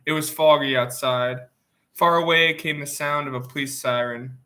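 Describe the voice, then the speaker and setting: A man reading a novel aloud in plain, steady first-person narration, sniffling from allergies. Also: medium pitch, moderate pace. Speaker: audiobook reader.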